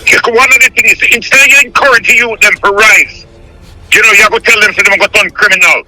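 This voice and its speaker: A man's voice: high-pitched, fairly quick, sharp tone, poor audio. A man in his fifties with a Jamaican accent who argues angrily as a caller, cursing and repeating himself. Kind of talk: heated argument.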